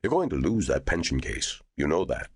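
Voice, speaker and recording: A man voicing a huge, genial angel in human form who talks in a slow, scoffing drawl. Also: rumbling low, sing-song, breathy edge, no room sound, full character voice.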